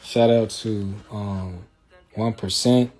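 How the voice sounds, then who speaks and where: His voice runs low, steady, and a little mellow as he talks slowly on his livestream. The host's casual style is loose, streetwise, and rambling, with plenty of filler asides and frequent check-ins with listeners.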